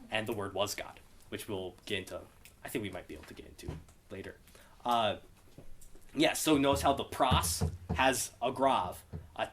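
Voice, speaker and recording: Man teaching a casual Greek class. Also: medium pitch. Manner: relaxed, explanatory, takes student questions. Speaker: Bible study Greek teacher.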